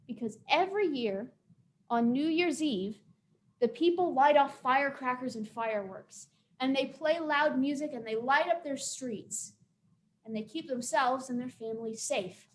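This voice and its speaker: A young woman telling a folk tale to children and then teaching them simple words, expressive and careful. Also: sits high. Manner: expressive, dramatic storytelling to children; slow, careful pronunciation drills. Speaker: storyteller and teacher. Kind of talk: children's storytime reading and teaching.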